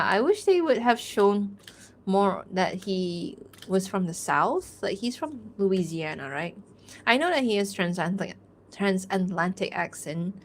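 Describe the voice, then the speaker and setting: A young woman chatting casually on a drawing stream, rambling with lots of fillers and frequent laughs. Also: mid-range voice. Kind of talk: casual livestream chat while drawing.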